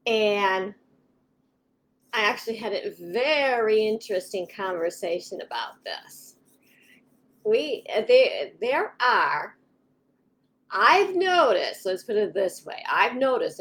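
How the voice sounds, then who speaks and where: A woman's voice: medium pitch, a bit bright. A woman hosting a casual live stream on home organizing, talking directly to her viewers in a chatty, rambling way, often restarting sentences and acting out everyday thoughts. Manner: chatty, rambling, frequent restarts and acted-out inner monologue. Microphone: webcam or phone in a home office.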